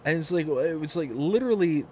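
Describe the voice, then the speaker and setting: A man's voice: on the high side, lively intonation, brisk, a little hiss or hum. A man from Michigan hosting a live game stream, chatting casually and rambling through stories with frequent restarts. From Michigan, USA.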